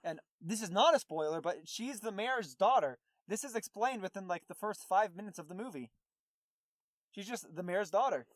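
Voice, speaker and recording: A man with a fairly high voice chatting on a podcast, recapping a movie in a rambling way full of fillers and restarts. He is recorded close and dry, with no room sound. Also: animated, moderate pace, no echo. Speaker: podcast co-host.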